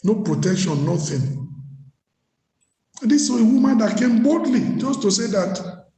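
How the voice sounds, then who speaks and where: A man's voice: sits high, lively intonation, a little slow, dark tone. A man preaching a sermon as a pastor, telling a story and repeating phrases for emphasis. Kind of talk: sermon at leadership workshop. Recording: echoey hall.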